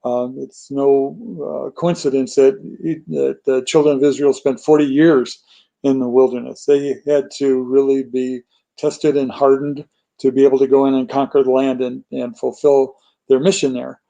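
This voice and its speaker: Gravelly, dark-voiced man musing. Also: mid-range voice, level tone, normal speed, highs cut off. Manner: hesitant, many fillers. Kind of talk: casual Bible discussion.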